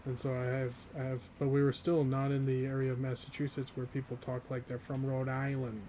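A man's voice: medium pitch, monotone, a little fast, mellow, slight background noise. A young man in his twenties, from the northeastern US, chatting casually and rambling with chat while streaming a game, often laughing.

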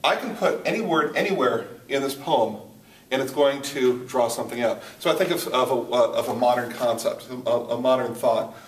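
A man's voice: mid-range voice, slight background noise. Guy teaching poetry at a whiteboard, lots of ums and restarts, roomy sound, mic kinda far off. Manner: halting, thinks aloud with many restarts and fillers. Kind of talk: whiteboard lesson. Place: room with a board. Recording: roomy, from a distance.

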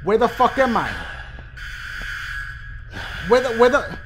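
A man doing loud, profane let's play commentary, jumping to shouts when scared. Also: extremely high pitch, expressive, takes it slowly, noisy background. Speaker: gaming video host.

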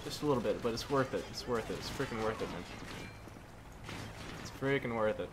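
A man's voice: fairly low pitch, a little fast, background noise. A man commentating his own shooter gameplay, talking to himself and swapping in mild words for swears. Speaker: gaming commentator. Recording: gunfire game audio behind the voice. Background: game gunfire.

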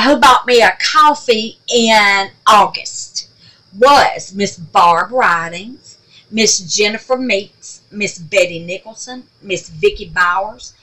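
An older woman with a drawl chats loosely through her crafting video, calling everyone honey and baby. Her voice is bright and clear at an everyday middle pitch. She wanders off topic and laughs at her own forgetfulness. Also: low-quality recording. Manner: affectionate, calls viewers baby and darling; rambling and self-teasing about forgetting. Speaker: crafting channel host. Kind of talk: casual chat to viewers.

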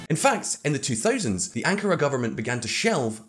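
A man's voice: mid-range voice, big pitch swings, fairly quick, a bit bright, faint music behind. A man hosting a scripted explainer video, narrating in a playful, conversational way full of rhetorical questions.

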